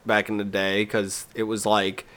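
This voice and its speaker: A man's voice: on the low side, completely flat delivery, unhurried, a bit bright. A man hosting a casual podcast chat, rambling with many restarts and fillers. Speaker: podcast host.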